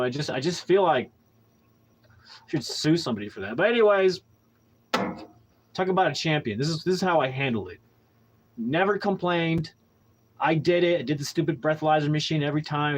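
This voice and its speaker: A man's voice: fairly high pitch, low-quality recording. Man telling a story, candid and rambling. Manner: candid storytelling with heavy profanity; rambling with frequent restarts and fillers. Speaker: podcast host. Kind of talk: casual monologue.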